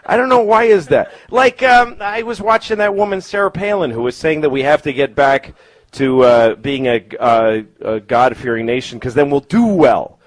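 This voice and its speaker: A man's voice: fairly high pitch, normal speed, no room sound, low-quality recording. A man doing a stand-up set in a comedy club, rambling and profane, with self-mocking asides.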